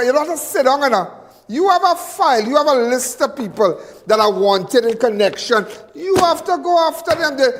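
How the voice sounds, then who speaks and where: A man's voice: very high voice, a bit bright, in a large hall. A man hosting a live crime show, delivering angry, repetitive commentary full of stumbling restarts.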